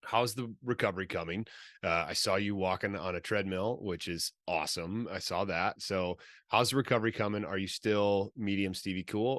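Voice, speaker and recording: A man's voice: low-pitched, normal speed, fairly bright tone, no room sound, studio quality. A man co-hosting a fitness podcast, upbeat and easy to laugh in casual chat. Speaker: co-host.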